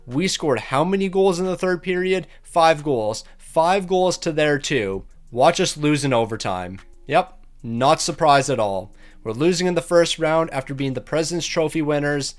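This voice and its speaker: A young man giving casual gameplay commentary from a home setup, sarcastic and exasperated, talking quickly into a desk microphone. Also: on the high side, animated. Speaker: gaming YouTuber.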